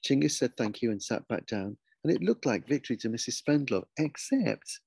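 A man, an author, reading his children's story aloud with lively, expressive storytelling. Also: medium pitch, normal speed, gravelly, few pauses, slightly rough, no room sound.

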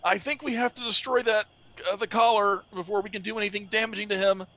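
A man voicing a wary cleric adventurer, speaking up higher in a worried tone. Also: steady tone, quick pace, pushed and bright.

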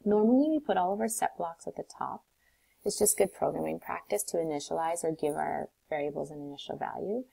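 A woman teacher calmly walking through a coding tutorial step by step, recorded on a desktop mic. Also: deep voice, fairly quick, gravelly, slightly rough, poor audio. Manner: calm, step-by-step instructions.

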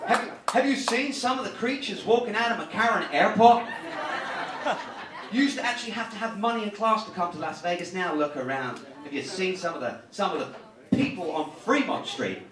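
A man's voice: high-pitched, a little fast. An English man doing a live stand-up comedy set, brash and mocking, bantering with the crowd. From England. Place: comedy show room. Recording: echoey room from far off, crowd laughter.

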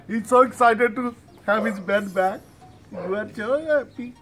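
A man's voice: high-pitched, moderate pace, slight background noise. A man filming his dogs at home, narrating casually and coaxing his dog fondly.

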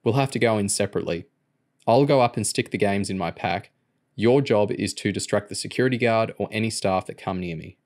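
A man's voice: on the low side, a little fast, darkish tone, lightly acted. A man voicing a confident teenage boy who explains his plan in a self-assured way. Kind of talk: audiobook reading.

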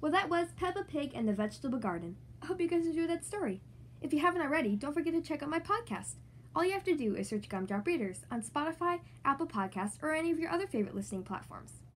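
Young woman, kids' storybook reader, high sing-song voice. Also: very animated, quick pace, slight background noise. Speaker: children's book reader. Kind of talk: read-aloud storytelling for kids.

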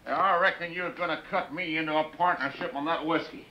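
A man's voice: fairly high pitch, brisk, muffled recording, a little hiss or hum, lightly acted. An actor playing a sly, self-serving lawman with a drawl, folksy and persuasive in a film. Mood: scheming. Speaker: deputy sheriff type scheming for whiskey.

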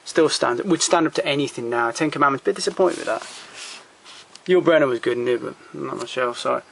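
A man's voice: mid-range voice, a little fast, vocal fry, slight background noise. A man walking through his film collection at home in a casual, rambling way, blunt and opinionated, swearing freely and trailing off between titles, recorded on a handheld camera.

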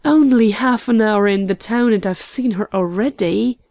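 A woman reading the part of an eager, lovestruck young gentleman painter in an audiobook, his words tumbling out excitedly. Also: mid-range voice, unhurried, no echo, studio quality, natural voice. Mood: ecstatic.

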